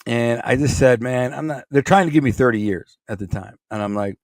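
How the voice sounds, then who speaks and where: This is casual storytelling from a middle-aged Michigan man with a Michigan accent, appearing as a podcast guest and rambling in blunt, streetwise terms. His mid-range voice is slightly mellow and fairly quick, in a dry studio-quality recording.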